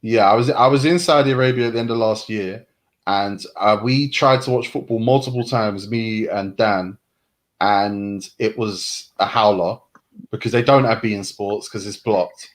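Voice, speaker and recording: A man from England hosting a casual football chat show, animated and quick with asides, swearing freely. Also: lowish voice. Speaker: host. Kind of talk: casual banter.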